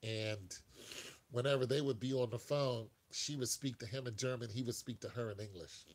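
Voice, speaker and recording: A man's voice: medium pitch, fairly even intonation, moderate pace. Laughing man in a rambling live chat. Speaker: live-stream host.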